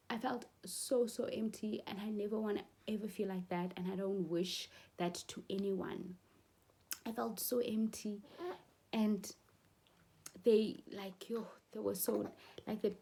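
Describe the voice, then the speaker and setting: South African woman, vlogger sharing a personal story; emotional, halting delivery, mid-range voice, some Xhosa phrases. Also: medium pitch, gravelly, darkish tone, husky.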